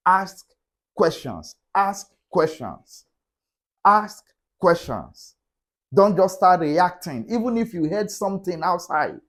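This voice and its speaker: A middle-aged man giving a motivational talk on relationships, repeating key points with a preacher-like cadence. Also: on the high side. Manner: repetitive, emphatic, preacher-like cadence. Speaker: relationship speaker.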